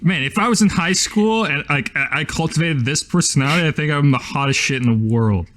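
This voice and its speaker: A man's voice: a little high, a little fast, fairly bright tone. A young man in a tabletop role-playing session, joking around as a player. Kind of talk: tabletop game chat.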